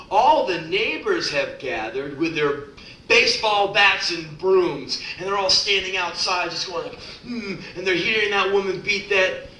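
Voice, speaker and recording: A man's voice: sits high, bright, forceful tone, far from the mic. A man giving a live spoken-word reading in a club, telling stories in a profane, sardonic way. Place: live club venue with audience. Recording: echoey club from afar.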